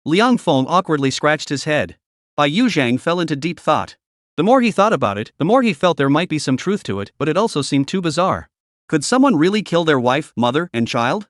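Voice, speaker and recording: A man narrating a recap story in a scripted, lively storytelling manner. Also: fairly high pitch, dry recording, studio quality.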